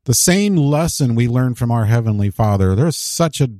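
A man's voice: medium pitch, animated, normal speed, a little mellow, dry recording, studio quality. A man hosting a faith-based interview, asking reflective questions. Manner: reflective, asks thoughtful questions. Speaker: host.

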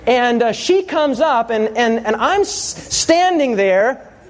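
A man's voice: very high voice, lively intonation, slow pace, heavy background noise. A pastor preaching a sermon, telling humorous stories and quizzing his congregation.

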